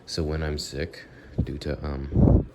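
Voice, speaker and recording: Very deep-voiced nasal man rambling. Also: little pitch movement, takes it slowly, heavy background noise. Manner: rambling, self-correcting, talks to viewers directly. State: sick with a cold. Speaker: vlogger. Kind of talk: unscripted rambling monologue.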